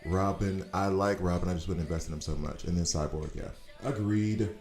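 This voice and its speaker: A man in his forties from the United States, rambling and chatting casually as he comments on a game stream, quick to laugh. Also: low voice, fairly even intonation, darkish tone. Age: 40s. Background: faint background music.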